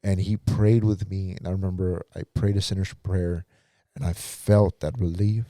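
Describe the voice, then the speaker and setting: A man's voice: sits low, fairly even intonation, normal speed, warm tone, dry recording, clean studio sound. A man, a pastor on a podcast, telling his life story earnestly and acting out past conversations. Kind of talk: personal testimony in casual talk.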